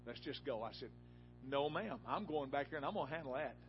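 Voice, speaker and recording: A man preaching a sermon in a church, telling a folksy personal story that rises to loud, emphatic peaks. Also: mid-range voice, expressive, fairly quick, muffled recording, faint music behind.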